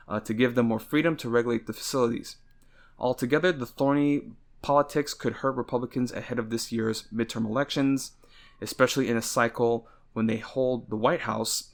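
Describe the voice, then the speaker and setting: A man hosting a podcast, reading news aloud and breaking into casual, swearing, exasperated commentary. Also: mid-range voice. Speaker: podcast host.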